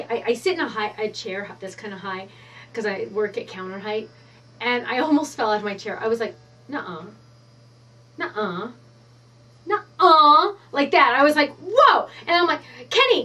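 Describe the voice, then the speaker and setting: Bubbly woman craft-tutorial host, high voice, mic set a little back from her. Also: recorded from a distance. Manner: bubbly and excitable, gushing. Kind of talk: stamping tutorial demonstration. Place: craft studio at counter height.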